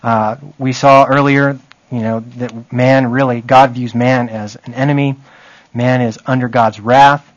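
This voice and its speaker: A man's voice: mid-range voice, steady tone, measured pace, dry recording, dull audio. A man teaching a Bible study in a conversational way, often checking in with his listeners.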